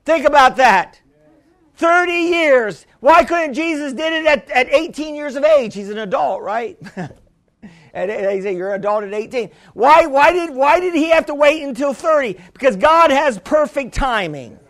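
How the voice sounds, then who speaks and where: A man with a strikingly high voice preaching a sermon. He is fervent and rises into shouts, then drops back to a conversational tone, with frequent restarts and calls to the congregation. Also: animated, measured pace.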